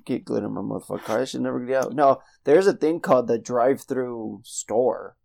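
A young adult man co-hosts a podcast in casual chat, telling a rambling story and swearing freely. His mid-range voice is gravelly and a little mellow, and he speaks briskly.

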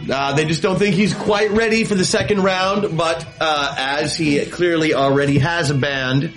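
A man's voice: a little high, music in the background. Man narrating as game master. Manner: relaxed, joking, halting narration.

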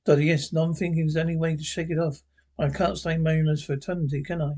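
An eccentric male time traveller, read aloud by a man. The voice sits fairly high for a man. Each line is read plainly, with the speaker named before it. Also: level tone, quick pace, darkish tone.

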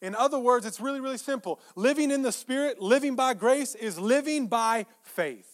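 High-voiced emphatic male preacher. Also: a little fast. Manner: emphatic, repeats phrases, swings between soft asides and loud peaks. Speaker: pastor. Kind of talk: sermon.

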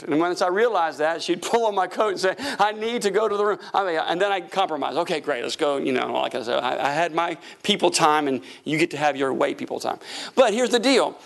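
A middle-aged man preaching a sermon, telling stories and acting out voices in a jokey, animated way. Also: on the high side, fairly quick, gravelly. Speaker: pastor. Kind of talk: lively sermon with storytelling.

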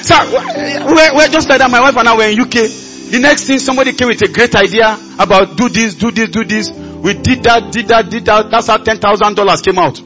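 A Nigerian pastor preaches at a large conference, leading the congregation in call and response and building up to shouts. He has a high voice and a brisk pace, with faint music in the background.

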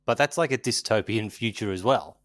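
Aussie guy on a podcast, lowish voice, dry close sound, rambly and jokey. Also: brisk, no room sound. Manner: rambling, jokey, trails off mid-sentence. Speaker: podcast co-host. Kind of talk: casual chat.

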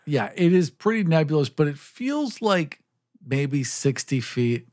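A man's voice: fairly high pitch, big pitch swings, a little slow, a little mellow. A man co-hosting a podcast, chatting casually and thinking aloud with curious questions. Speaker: podcast co-host.

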